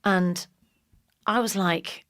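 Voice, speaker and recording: A woman's voice: medium pitch, very slow. A middle-aged woman from England in a casual podcast conversation, telling stories and acting out the voices of people she quotes. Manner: animated storyteller, acts out voices in quotes. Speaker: guest.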